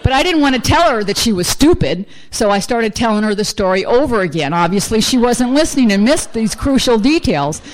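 A woman's voice: fairly high pitch, very animated, fairly quick, few pauses. A middle-aged woman speaks to a recovery group about her own story. She is blunt and self-mocking. She talks in loose, run-on sentences full of "you know". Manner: blunt and humorous, fills speech with "you know". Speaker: speaker sharing at a recovery meeting. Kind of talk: personal recovery share to a group.

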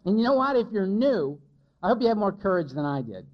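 A man's voice: sits high, sing-song, brisk. A man giving a candid, self-mocking personal testimony as a speaker at a recovery meeting. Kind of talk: personal testimony to a live audience. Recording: lo-fi, dull recording.

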